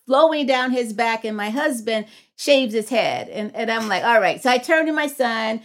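A middle-aged woman speaking as a podcast guest, her voice sitting a little high for a woman. She tells a personal story earnestly and reflectively, lifting her voice higher whenever she quotes someone. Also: animated, normal speed. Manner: earnest, reflective, acts out dialogue in a raised voice. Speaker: guest, psychology professor.

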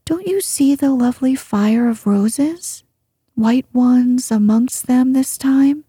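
An eager little princess with a high, breathy voice, as a woman reads her, pleading and insistent in a storybook tale. She sounds close and dry, with slow, mellow delivery. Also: no echo, exaggerated voice. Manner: earnest, insistent questioning. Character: young princess girl, eager and earnest.

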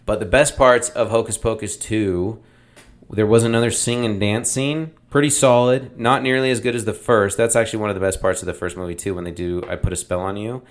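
Low-voiced man in a rambling movie review. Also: fairly even intonation, brisk. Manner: rambling, opinionated, with frequent um and like. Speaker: podcast host reviewing films. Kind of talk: casual movie review monologue.

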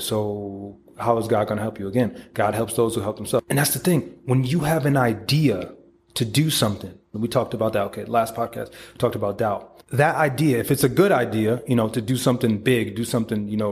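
A man's voice: fairly low pitch, brisk, darkish tone. A man hosting a podcast, giving a casual, profane motivational monologue and acting out quoted voices. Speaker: podcast host.

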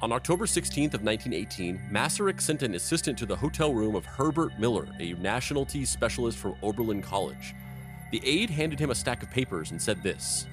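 A man's voice: mid-range voice, sing-song, fairly quick, over music. A man hosting a history podcast, narrating events and breaking off into silly riffs. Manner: reads history then riffs with silly tangents. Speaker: host and narrator.

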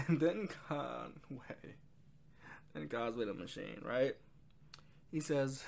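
A man's voice: mid-range voice, expressive, slow pace, gravelly, long pauses, a little mellow. A man casually reviewing an album, rambling with frequent ums and quoting lyrics. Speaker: music reviewer.

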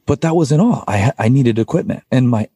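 A man's voice: mid-range voice, expressive, fairly quick, mellow, husky, dry recording, studio quality. A man, a podcast guest who sings in a metal band, tells a personal story in a casual, rambling way, full of "like" and "you know" and the odd swear word.

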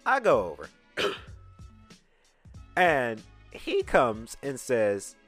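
A man's voice: medium pitch, a little slow, pauses often, soft background music. A man from Atlanta hosting a podcast, telling a story in a casual, emphatic way and acting out the dialogue. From Atlanta, USA. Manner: animated, emphatic retelling with quoted dialogue. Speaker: podcast host.

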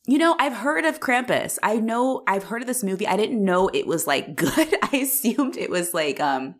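A woman co-hosting a casual podcast chat, animated and laughing often, with lots of fillers. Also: mid-range voice, moderate pace. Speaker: podcast co-host.

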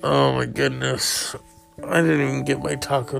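A man's voice: mid-range voice, fairly even intonation, measured pace, vocal fry, music in the background. A man hosting a podcast, rambling through a crude comedic monologue with mock outrage and lots of profanity. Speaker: podcast host.

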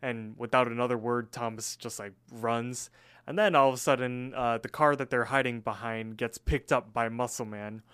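Smooth-voiced man, hesitant casual podcast chat. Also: medium pitch, fairly even intonation, moderate pace, fairly bright tone. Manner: hesitant, many ums and restarts. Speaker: podcast co-host. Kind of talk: casual chat and episode recap.

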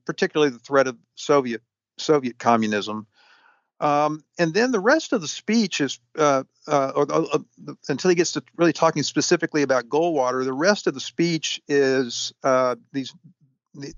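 Halting, filler-heavy man, dull recording. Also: medium pitch, no echo. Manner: halting, many fillers and restarts. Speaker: historian guest. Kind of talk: interview answer. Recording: dull, lo-fi sound.

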